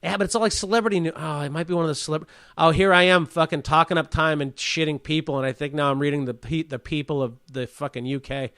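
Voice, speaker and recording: A man's voice: on the high side, fast, a bit bright, no room sound. A man hosting a comedy podcast, ranting profanely and stumbling over words as he reads. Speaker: podcast host.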